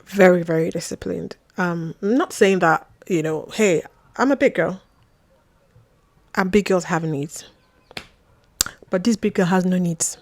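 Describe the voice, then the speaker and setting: A young adult woman vlogging, telling a personal story in a chatty, wry way, with asides and quick bits of mimicry. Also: fairly low pitch, dry recording. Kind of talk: casual storytelling to camera.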